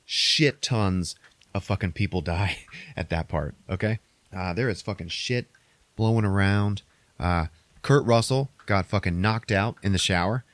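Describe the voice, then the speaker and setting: Low-voiced guy cussing his way through a movie plot on a podcast, jumps up high for the characters, dry close sound. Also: unhurried, no echo. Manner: profane, rambling, acts out characters' lines in a raised voice. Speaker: podcast host recapping a movie. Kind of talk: casual movie recap.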